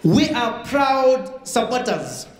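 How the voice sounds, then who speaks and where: A pompous president drags out a formal address in slow, halting phrases, his pitch high and swinging widely, as a man puts him on. The South African accent colors every word. The voice rings in an echoey room over clear noise. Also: sing-song, exaggerated voice. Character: pompous male president giving a slow speech.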